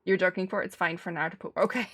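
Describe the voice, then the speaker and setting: A woman's voice: fairly low pitch, little pitch movement, very fast, a bit bright. A woman from Cyprus, streaming a game in casual chat, talkative, laughing often and replying to her chat. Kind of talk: casual chat while gaming.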